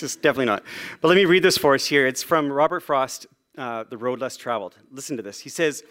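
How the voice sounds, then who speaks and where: A pastor preaching in a relaxed, conversational way, self-deprecating and full of fillers. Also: male voice, mid-range voice, fast. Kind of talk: sermon.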